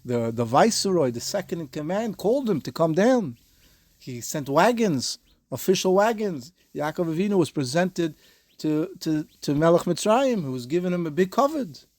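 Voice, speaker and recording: Earnest rabbi with a fairly high voice. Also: male voice, sing-song, normal speed, a little mellow, no echo. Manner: explains earnestly, mixing Hebrew and Yiddish terms; rises to emphatic peaks when stressing a point. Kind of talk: Torah lecture.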